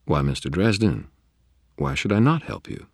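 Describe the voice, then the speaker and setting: A man's voice: low voice, sing-song, normal speed, creaky, breathy edge, dry recording, studio quality, voice pushed up, full character voice. A man voicing a suave, cheerful young male vampire aristocrat, genteel and mock-polite, in an audiobook. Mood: playful probing. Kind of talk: audiobook character voice.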